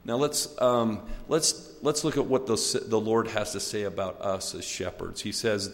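A man's voice: lowish voice, fairly even intonation, unhurried, few pauses, in a large hall. A man giving an earnest, folksy church talk from a pulpit, with ums and asides. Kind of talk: sermon-style church talk.

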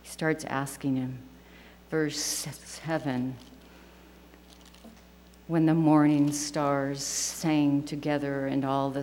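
Low, slow-spoken woman teaching scripture. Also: flat delivery, darkish tone. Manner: earnest, reverent reading aloud. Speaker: class teacher. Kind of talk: scripture lesson to a class. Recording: long hall reverb with faint hum.

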